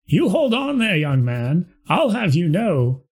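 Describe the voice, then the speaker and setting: A man playing a stubborn old man who talks slowly and patronizingly. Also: high-pitched, huge pitch swings, slightly rough, exaggerated voice. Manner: slow, drawling, patronizing. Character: stubborn old man, self-appointed stand-in.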